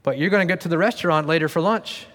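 A man's voice: a little high, fast talker, fairly bright tone. Man preaching a casual sermon in a reverberant hall. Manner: conversational and self-deprecating, with sarcastic asides. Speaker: pastor. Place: church sanctuary. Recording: long reverb of a large room.

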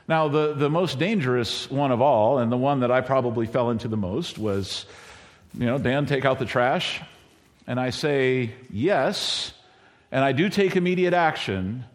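A middle-aged man preaching a sermon in a conversational way, now and then acting out quoted lines in a higher voice. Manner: conversational, acts out quoted lines with bursts of high pitch. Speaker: pastor.

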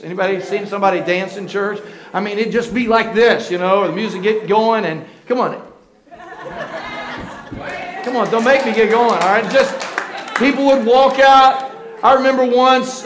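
A male pastor with a high voice preaches in a church sanctuary, his words echoing through the spacious hall. He urges the congregation to call back to him, alternating slow, loud, stretched-out emphasis with quiet, breathy remarks.

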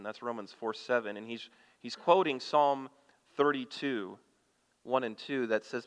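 Reading scripture aloud with building emphasis and questioning his congregation, this preacher has a clear, resonant mid-range voice and speaks a little slowly. A church hall's long reverb surrounds the recording.

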